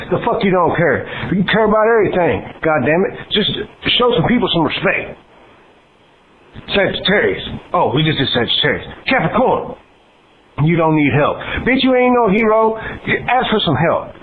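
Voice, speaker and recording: Man ranting profanely over a tinny line. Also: fairly high pitch. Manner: profane, blunt, scolding. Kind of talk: comedic horoscope rant. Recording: tinny phone-like line with faint noise.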